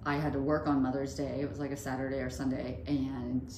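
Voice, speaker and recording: A woman with a low voice tells stories on a casual podcast, chatty and cursing freely. The room sounds echoey and has a faint hiss behind her. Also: flat delivery, mellow. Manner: chatty, swearing, storytelling with quick asides. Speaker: podcast co-host. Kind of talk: casual chat.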